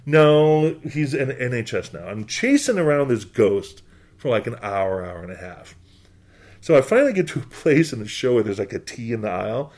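A man from New Hampshire, a guest on a podcast, telling a story in an animated, profane way, full of "like". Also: medium pitch, moderate pace. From New Hampshire, USA. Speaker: guest, skateboard brand owner.

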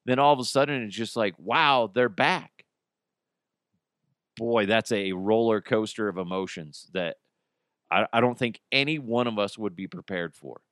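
A man's voice: fairly low pitch, moderate pace, dry recording, studio quality. A man hosting a casual solo podcast, rambling and cursing freely, with many restarts and broken-off sentences. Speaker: podcast host.

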